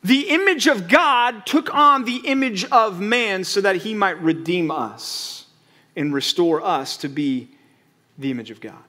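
A man preaching a sermon as pastor, reading scripture slowly and swinging between loud emphatic lines and quiet asides. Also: high voice, animated. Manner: reads scripture slowly, stretching key words.

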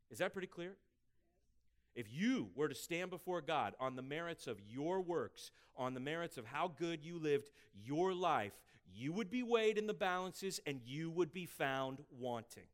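Emphatic pastor preaching a sermon. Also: male voice, on the high side, lively intonation, moderate pace. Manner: emphatic preaching, rising loud on scripture, dropping soft for asides. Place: church sanctuary.

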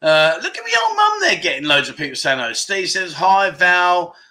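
A man's voice: high-pitched, big pitch swings, moderate pace, sharp tone. A middle-aged man hosting a casual livestream, reading out viewer comments in a chatty, self-mocking, exclamatory way. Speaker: livestream host.

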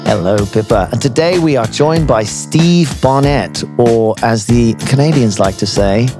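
A man's voice: medium pitch, a little slow, music in the background. A man hosting a podcast, chatty and joking as he introduces his guest. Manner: jokey and chatty. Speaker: podcast host.

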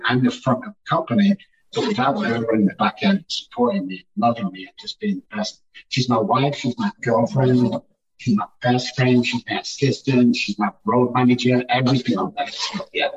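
A man speaks with insistent emphasis, circling back to the same phrase to drive each point home. His voice sounds set back from the microphone and comes through dull and muffled, like a remote call. He talks at an ordinary middle pitch. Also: normal speed. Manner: emphatic, repeats phrases for effect. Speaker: guest, addiction recovery speaker. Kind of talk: conversational interview storytelling. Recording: distant, muffled remote audio.

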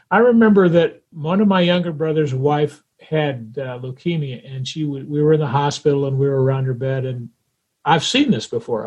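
A man's voice: on the high side, a little mellow, breathy edge, lo-fi sound. A man as a guest on an interview podcast, talking reflectively about his past. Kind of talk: conversational interview.

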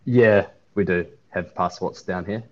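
A man's voice: low voice, a little slow. Laid-back Kiwi man, lo-fi mic. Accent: New Zealand. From New Zealand. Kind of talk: casual chat. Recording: dull lo-fi mic.

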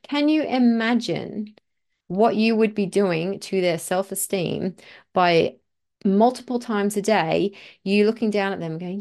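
A woman's voice: mid-range voice, unhurried, a little mellow. A woman hosting a solo motivational podcast, talking in an earnest, emphatic way and repeating phrases for effect. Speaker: podcast host.

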